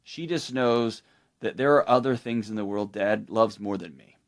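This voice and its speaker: A middle-aged man explaining ideas as a podcast guest, telling stories in a lively way and acting out the people he quotes. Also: fairly low pitch, normal speed. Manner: animated storytelling, acts out quoted people. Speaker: guest expert. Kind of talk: conversational explanation.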